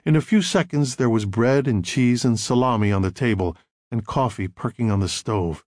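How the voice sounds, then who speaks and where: A man narrating an audiobook with expressive storytelling. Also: medium pitch, moderate pace, no room sound, clean studio sound.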